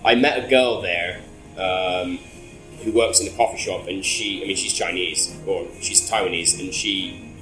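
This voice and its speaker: A man with a lowish voice tells a rambling story in casual conversation. He swears freely and laughs between phrases. The room is echoey, with faint music behind him. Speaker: interviewee.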